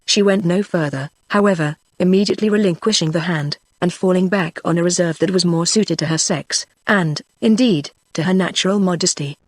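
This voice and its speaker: A text-to-speech voice narrating a classic novel with a middling pitch. The sound is dry and close, and the reading stays even and machine-made throughout. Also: brisk, few pauses, no echo. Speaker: audiobook narrator.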